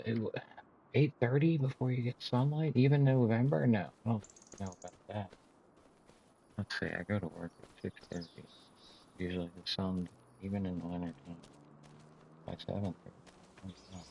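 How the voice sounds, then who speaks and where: Low gravelly man musing over gameplay. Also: normal speed, long pauses, warm tone, dull audio. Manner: talks to himself, rambling, flares into exasperated rants. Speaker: gaming streamer. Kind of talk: casual gameplay commentary.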